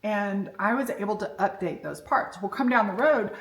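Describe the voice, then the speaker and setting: A woman's voice: mid-range voice, moderate pace. A middle-aged woman giving a candid, reflective personal monologue, telling her story frankly. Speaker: self-development speaker. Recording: echoey room.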